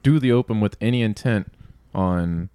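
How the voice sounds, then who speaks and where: A man co-hosting a podcast in casual chat, animated and profane. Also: fairly low pitch, normal speed, clear, resonant tone, no room sound, clean studio sound. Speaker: podcast co-host.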